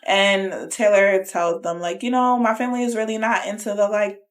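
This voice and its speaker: A woman's voice: mid-range voice, normal speed. A woman co-hosting a podcast, casually recapping a reality show and acting out quotes with laughs. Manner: animated retelling with quoted voices and laughs. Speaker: podcast co-host.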